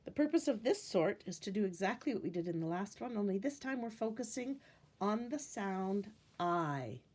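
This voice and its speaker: A woman teacher walking through a phonics word sort, speaking clearly and deliberately and stretching words to show the stress. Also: mid-range voice, very animated, darkish tone. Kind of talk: classroom phonics lesson.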